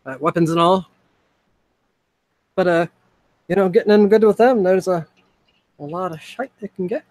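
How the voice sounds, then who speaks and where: Man voicing a burly dwarf sellsword for a tabletop game, gruff folksy brogue, fairly high voice, dry close sound. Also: moderate pace, darkish tone, no echo, close to an everyday voice. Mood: friendly. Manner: gruff folksy brogue, says aye and lad. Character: friendly burly male dwarf mercenary.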